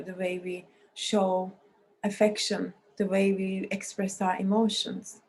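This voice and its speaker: Woman lecturer with a scratchy, mellow voice. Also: mid-range voice. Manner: explanatory, with frequent restarts and non-native phrasing. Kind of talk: recorded university lecture.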